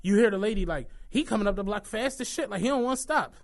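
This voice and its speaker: A young man, co-hosting a podcast in casual chat, telling stories in an animated way and acting out what people said. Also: high-pitched, fast. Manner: animated storytelling, acts out quotes, swears freely. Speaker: podcast co-host.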